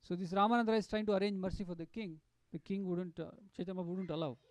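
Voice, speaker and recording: A man giving a devotional storytelling talk at a satsang, animated and full of fillers and restarts. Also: high-pitched, rapid-fire, no echo. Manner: animated, acts out quotes, many fillers and restarts. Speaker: satsang speaker.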